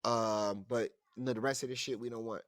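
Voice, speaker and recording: A man's voice: mid-range voice, steady tone, normal speed, no room sound, clean studio sound. A man co-hosting a casual podcast, telling a heated story full of profanity and acted-out quotes. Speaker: podcast co-host.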